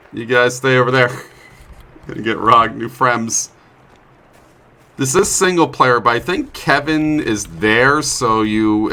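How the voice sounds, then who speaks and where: A young man with a medium-pitched, sharp-toned voice commentates his own play of a survival game as a streamer. His let's play talk is chatty and self-mocking, broken by sudden startled outbursts.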